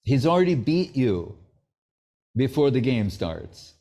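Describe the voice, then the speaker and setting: A man's voice: medium pitch, very animated, slow, warm tone. A man giving an anecdotal sermon as a spiritual teacher, telling stories and acting out the dialogue of the people in them. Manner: storytelling, acting out quoted dialogue.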